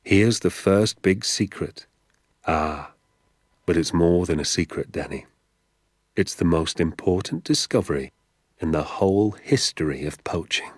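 Man playing a secretive father, hushed and confiding, drops to whispers, deep voice, husky. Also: expressive, unhurried, dry recording, studio quality. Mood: conspiratorial. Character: secretive, enthusiastic middle-aged father. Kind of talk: audiobook character voice.

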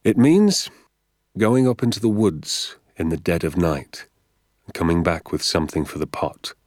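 A man voicing a gentle, quiet father who speaks in a slow, hushed, confiding way in a storybook reading. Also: low-pitched, animated, no echo, clean studio sound.

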